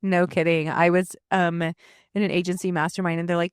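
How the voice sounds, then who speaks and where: A woman hosting a podcast interview, casual and relaxed, with short affirmations. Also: fairly low pitch, brisk, clear, resonant tone, no echo, studio quality. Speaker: podcast host.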